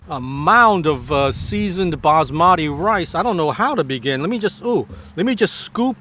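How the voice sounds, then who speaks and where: A man with a somewhat high voice gives a casual food review to camera. He is effusive, drawing out his exclamations as he tastes, and he restarts his sentences haltingly between bites. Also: fairly bright tone. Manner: effusive, many drawn-out exclamations while tasting. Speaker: food vlogger.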